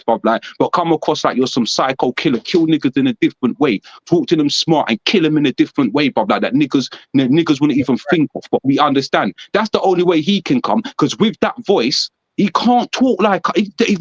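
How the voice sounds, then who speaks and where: A man talks battle rap, pushing his points hard and over and over in street slang. His voice sits a little high. The sound is dry and dull, like a lo-fi recording. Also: dry recording. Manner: emphatic, repetitive, peppered with slang. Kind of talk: casual chat.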